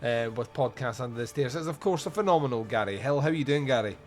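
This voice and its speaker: A male podcast host chatting loosely about a film, laughing often and tripping over his words. His voice is middle-pitched, and faint music runs underneath. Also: animated, fast talker. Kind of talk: casual film review chat.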